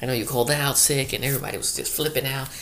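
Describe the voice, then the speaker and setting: Brief: man putting on a gossipy, overfamiliar office talker, everyday voice, mid-pitched, faint hiss behind. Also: rapid-fire, natural voice. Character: chatty, complaining middle-aged male coworker.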